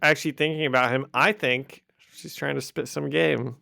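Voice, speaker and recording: A man's voice: fairly high pitch, steady tone, moderate pace, gravelly, bright, forceful tone, dry recording, clean studio sound. A man co-hosting a casual podcast, musing aloud about a comic with hesitant restarts. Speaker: podcast co-host.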